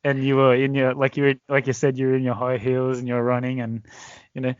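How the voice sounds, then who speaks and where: A man hosts a podcast interview in a friendly, jokey way and laughs along easily. His voice has a middle pitch. The sound is dry and slightly muffled. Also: monotone, fast talker, clean tone, no echo. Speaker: podcast host.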